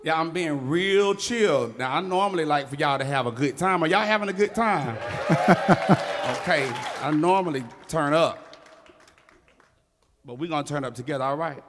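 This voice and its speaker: A man from Georgia with a Southern US accent, chatting in a relaxed, laughing way between songs in a radio studio. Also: fairly high pitch, moderate pace, pauses often. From Georgia, United States. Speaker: singer-songwriter guest. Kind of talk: casual chat between songs. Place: radio studio with a live audience. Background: live band music.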